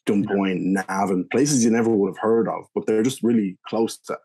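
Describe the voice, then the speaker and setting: Young irish guy rambling through a story, lowish voice, lots of "like". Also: moderate pace, dark tone, slightly rough. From Ireland. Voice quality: rambling, full of "like" and restarts. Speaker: guest, beer reviewer. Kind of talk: casual storytelling interview.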